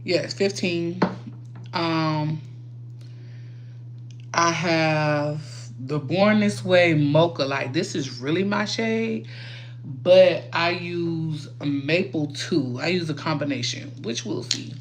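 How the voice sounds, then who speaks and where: Slow, low-voiced casual woman livestreamer. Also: a little hiss or hum. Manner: chatty, rambling, swears freely, talks to viewers. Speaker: livestream host. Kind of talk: casual livestream chat while doing makeup.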